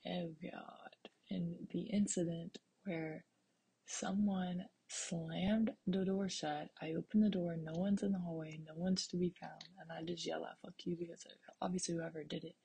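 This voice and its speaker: A young woman rambles through her own podcast from a dark office, blunt and profane, often sinking into a half-whisper. Her voice is deeply husky and gravelly, low and dark in tone. She speaks in a flat, level way. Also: measured pace. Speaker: author and podcast host. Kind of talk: casual rambling monologue.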